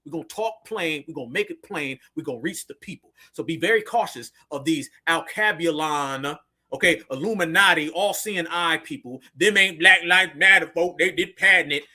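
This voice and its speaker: A man's voice: a little high, normal speed, pushed and bright. A man giving blunt, sarcastic commentary to his viewers, calling them family. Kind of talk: casual commentary.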